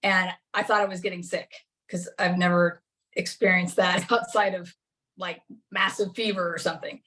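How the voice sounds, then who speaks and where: A woman's voice: lowish voice, fairly even intonation, moderate pace, fairly bright tone. Chatty middle-aged woman teaching a class. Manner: chatty and anecdotal, laughs often. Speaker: class presenter. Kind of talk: casual teaching talk.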